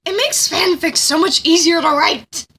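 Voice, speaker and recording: A woman's voice: very high-pitched, unhurried, a bit bright. A young woman recapping a game plot in a casual comedic way, rambling and sarcastic, full of fillers and swearing, recorded on a phone. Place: indoors with a friend.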